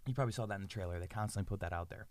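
A man co-hosting a podcast, telling a story in an animated way with quick asides. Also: on the low side, no echo. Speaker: podcast co-host. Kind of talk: casual chat.

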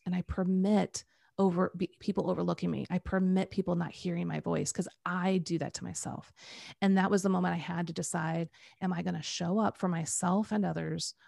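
A middle-aged woman coaching on the Enneagram, telling animated personal stories and acting out what people said. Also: fairly low pitch, vocal fry, dry recording, studio quality. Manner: animated storytelling, acts out quoted voices. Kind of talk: conversational podcast talk.

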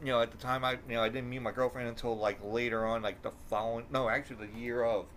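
A man's voice: medium pitch, fast talker, a little hiss or hum. Profane rambling male podcast host. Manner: rambling, profane, animated when telling stories. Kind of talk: casual storytelling chat.

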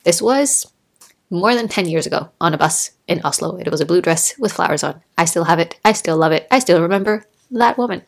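A woman in her thirties hosting a solo podcast, talking in a chatty, animated way and acting out little quotes as she tells stories. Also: on the low side, brisk, vocal fry. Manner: chatty, animated storytelling with laughs and acted-out quotes. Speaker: podcast host. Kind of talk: casual solo podcast monologue. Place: Norway.

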